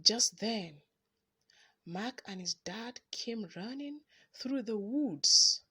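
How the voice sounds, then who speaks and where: A woman reads a children's story aloud in a high, bright voice with a slight husk. She takes her time and swings her pitch widely, telling it in an expressive, dramatic way. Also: very slow, breathy edge.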